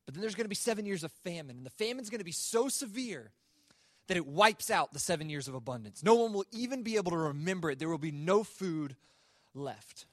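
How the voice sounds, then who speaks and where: A man's voice: sits high, expressive, a little fast, dry recording, studio quality. Conversational young man preaching with humor. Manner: conversational, self-mocking humor, many fillers. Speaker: speaker at a student worship service. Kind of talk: sermon with personal storytelling. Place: live worship service.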